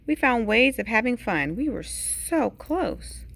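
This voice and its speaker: A woman reads a bedtime picture book aloud in an unhurried, storytelling rhythm, her voice rising and falling in wide, lively swings. A gravelly edge of vocal fry creeps into her lower notes, and now and then she drops to a hushed whisper for effect. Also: background noise. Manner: dramatic storytelling with sudden hushed whispers and big pitch swings. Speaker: teacher reading aloud.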